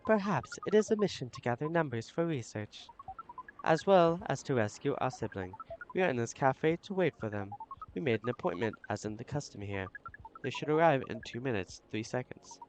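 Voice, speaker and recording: A man's voice: medium pitch, expressive, brisk, noisy background, lightly acted. Man reading as a formal, literal alien. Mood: earnest. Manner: formal, precise, speaks of itself as "we". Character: calm, literal-minded alien from a hive mind. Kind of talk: reading a visual-novel game aloud.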